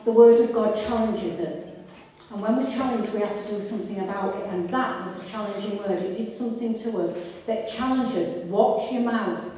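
A woman's voice: medium pitch, normal speed, warm tone, slight background noise. A woman preaching a sermon to a congregation, earnest and conversational, with frequent restarts and rising fervour. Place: church hall with congregation. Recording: echoey hall, voice from far off.

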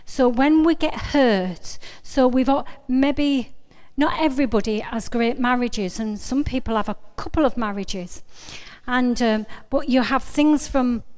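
A woman's voice: a little high, unhurried, a little mellow, clean tone. A middle-aged woman giving an informal, earnest sermon, chatty and often breaking off to correct herself. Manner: chatty, self-interrupting, earnest. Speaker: preacher. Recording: long reverb of a hall.

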